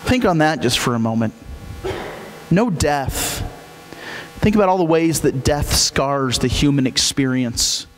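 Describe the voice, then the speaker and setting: A man's voice: fairly high pitch, animated, a little slow. A male pastor preaching a sermon, emphatic and repeating his key phrases. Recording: echoey hall with faint hum.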